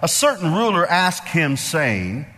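A man's voice: on the high side, sing-song, a little slow, fairly bright tone. A man preaching a sermon as pastor, emphatic and repetitive, with call-and-response asides to the congregation. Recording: long hall reverb.

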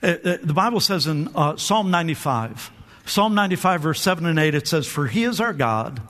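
In a church sanctuary with a big, echoing hall, a male pastor preaches energetically, a little fast, his voice high and bright. He draws call-and-response from the congregation. His delivery stumbles, with frequent repeated words and restarts.

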